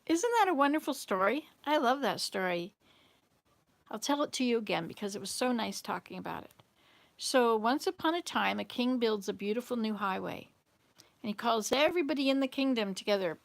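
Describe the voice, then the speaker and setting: A woman's voice: a little high, animated, a little fast, creaky. A woman from the Southern United States hosting, telling a story in a casual, rambling, digressive way. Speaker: host.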